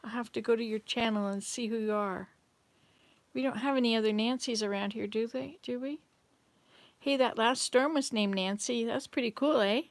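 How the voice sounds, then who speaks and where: An older woman chats her way through a live stream, drifting from one memory to the next and stopping to answer viewers. Her voice sits a little high, and it sounds close and dry, with no room around it. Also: normal speed, dry recording. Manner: chatty, rambling, answers viewers' comments. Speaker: livestream host reading chat. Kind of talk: casual live chat. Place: home, in Canada.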